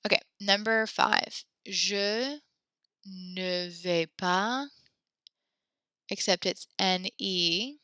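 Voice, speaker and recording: A woman's voice: mid-range voice, drawn-out words, long pauses, bright, forceful tone, clear, resonant tone, no room sound. A young adult woman teaching a French class, upbeat and encouraging, chatty with fillers as she explains. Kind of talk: online class lesson.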